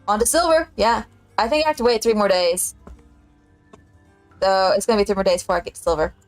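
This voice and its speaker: A woman's voice: medium pitch, a little fast, no room sound, soft background music. A woman, telling a story in casual chat as a streamer and laughing often.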